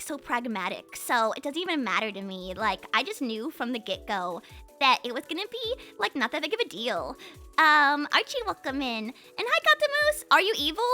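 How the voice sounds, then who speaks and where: A woman's voice: sits high, pushed and bright. A young woman VTuber chatting casually with her stream chat, rambling and playful with many fillers.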